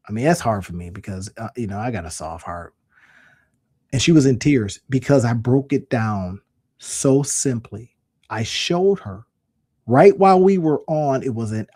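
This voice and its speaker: A man's voice: mid-range voice, warm tone. A man talking casually to camera as an online business coach, emphatic and fond of repeating his points. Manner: folksy, emphatic, repeats phrases for effect. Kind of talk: casual direct-to-camera talk.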